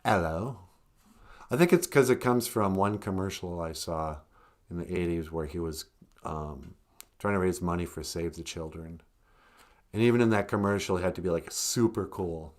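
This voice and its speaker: A man chatting casually on a live stream, rambling, chuckling often and trailing off quietly. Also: low voice, moderate pace.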